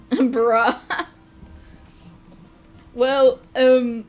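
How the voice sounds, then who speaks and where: A young woman streams a game and banters casually, giggling through nearly every line and swearing freely. Her voice sits a little high, and she takes her time with each phrase. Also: level tone, very slow, soft background music. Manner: giggly, laughs often, crude. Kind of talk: live game-stream chat.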